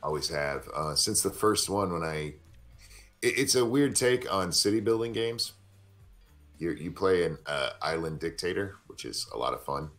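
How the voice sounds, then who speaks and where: A man's voice: low voice, expressive, moderate pace, fairly bright tone, faint music behind. A man guesting on a livestream, chatting casually in a blunt, profane way.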